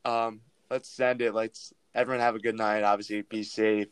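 A man's voice: lowish voice, normal speed, smooth, no room sound. Slangy young man, dry sound. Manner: animated storyteller, slangy, says "dude" and "like" a lot. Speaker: podcast co-host. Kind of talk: casual chat.

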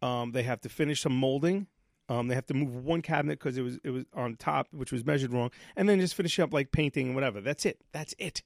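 Gravelly man on the higher side, ranting podcast co-host, dry mic. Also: fast talker, no echo. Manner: profane, animated storytelling. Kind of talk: casual ranting chat.

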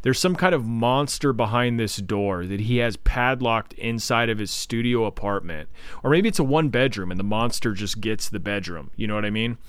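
Smooth-voiced man riffing on a movie. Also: fairly low pitch, normal speed, dry recording. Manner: rambling, sarcastic, mimics characters in loud bursts. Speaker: podcast co-host. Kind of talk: casual movie review chat.

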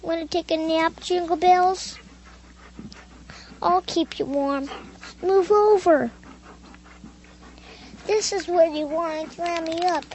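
An actor voicing a small, sweet, shy boy who talks softly and haltingly in a radio drama. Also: very high voice, slight background noise, exaggerated voice, rough recording. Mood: tender. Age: child. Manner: soft, halting little-boy chatter.

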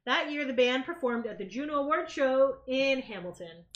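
A woman's voice: sits high, moderate pace, highs cut off. A Canadian woman co-hosting a podcast, chatting casually and telling a story with acted-out quotes. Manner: animated storyteller, acts out quotes. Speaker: podcast co-host. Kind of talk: casual chat. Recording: echoey room.

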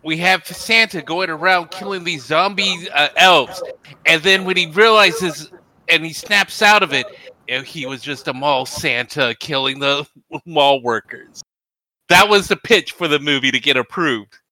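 A man co-hosting a casual movie podcast, animated and laughing often as he talks. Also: on the high side, unhurried. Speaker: podcast co-host.

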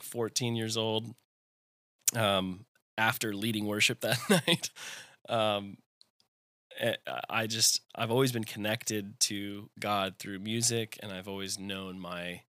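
A man's voice: fairly low pitch, sharp tone, dry recording, clean studio sound. A young man in his twenties telling a personal faith story in conversation, rambling with lots of fillers. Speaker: guest.

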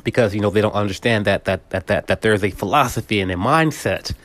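A man in his forties from California hosts a casual monologue with a fairly low voice. He stumbles and restarts often, circling back over his words. He keeps turning to the listener to check they are following along. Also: fast, fairly bright tone. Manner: talks straight to the listener, seeking agreement. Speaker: podcast host.

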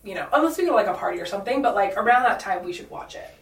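A woman's voice: medium pitch, lively intonation, very fast. Chatty young woman in an echoey room. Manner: chatty storyteller, many "like" and "um" fillers. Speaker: podcast co-host. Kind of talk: casual chat. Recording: roomy echo, mic at a distance.

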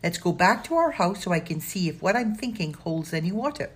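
A woman reading aloud plays a clever, cautious girl who leads the others with measured, earnest speech. Her low, husky voice barely lifts for the part, and the pitch moves widely. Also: big pitch swings.

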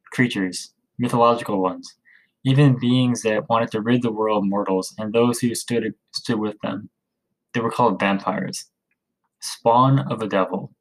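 A stern, gruff father and leader, voiced by a male narrator in a storybook. He speaks gravely and seriously in a low voice. His tone is firm and weary. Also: natural voice, poor audio.

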